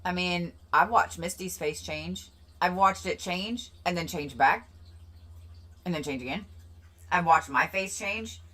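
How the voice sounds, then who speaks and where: A woman hosting a casual livestream, rambling and repeating herself with sudden excitable bursts. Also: lowish voice, a little slow. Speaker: livestream host.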